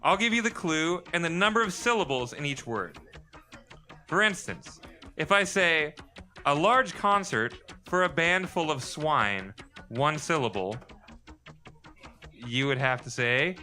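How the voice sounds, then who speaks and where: Bright slow-reading quiz host man. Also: a little high, lively intonation, faint music behind. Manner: reads clues slowly and repeats them. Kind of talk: live pub trivia hosting. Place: pub stage with live audience.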